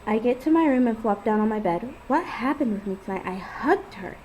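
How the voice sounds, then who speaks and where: Girl reading her own fanfic out loud, kinda high voice, faint hiss behind. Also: lively intonation, a little fast, rough recording. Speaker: fan fiction author and reader.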